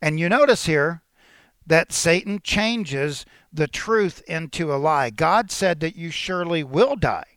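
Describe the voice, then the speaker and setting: A male pastor delivers an earnest teaching sermon, walking through scripture and pausing to restart his phrasing. His voice sits a little higher than most men's. The sound is dry and close, with little room echo. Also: animated, a bit bright, clean tone.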